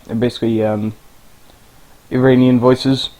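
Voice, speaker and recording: A man talks through a game tutorial in a loose, rambling way. He wanders off track and swears now and then. His pitch sits in an ordinary middle range. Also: level tone, measured pace, dark tone, poor audio. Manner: rambling, informal, swears casually. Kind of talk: casual screen-recorded game tutorial.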